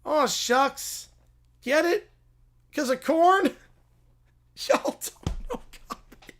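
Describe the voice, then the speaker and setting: A man playing a goofy young man who shouts the same corn pun catchphrase again and again, in a comedic read-aloud. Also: very high voice, animated, takes it slowly, gravelly, full character voice. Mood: goofy, shouting.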